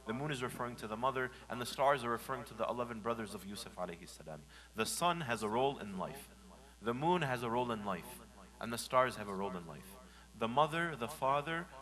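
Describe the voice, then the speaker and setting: Animated man preaching a sermon. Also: lowish voice, rough recording. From United States. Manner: animated, swings from hushed to shouting when acting out scolding. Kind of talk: Friday sermon. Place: mosque.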